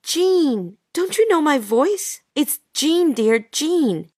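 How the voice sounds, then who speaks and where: A woman's voice: high-pitched, big pitch swings, slow pace, a little mellow, no room sound, studio quality, exaggerated voice. A woman voicing Jean, an anxious, lovesick wife who pleads with her absent husband, in a dialogue drama reading. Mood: pleading. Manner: pleading, breathless and emotional.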